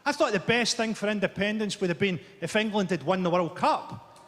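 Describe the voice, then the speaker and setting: A Scottish man in his forties doing a stand-up routine before a live audience, delivering dry, dark one-liners with sharp punchlines. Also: high-pitched, a little fast. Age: 40s. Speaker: stand-up comedian. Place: large theatre stage. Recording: echoey theatre stage with roaring crowd.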